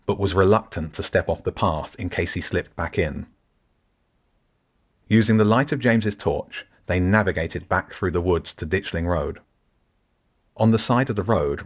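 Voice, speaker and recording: Deep-voiced male audiobook narrator. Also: husky. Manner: steady storytelling, shifts into character voices. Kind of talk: scripted narration.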